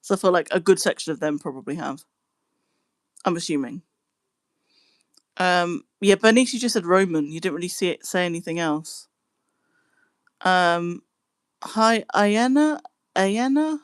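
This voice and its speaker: A woman's voice: on the low side, normal speed, pauses often, no room sound. Chatty woman streaming live. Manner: chatty, giggly, breaks into laughing fits. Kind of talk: casual live-stream chat.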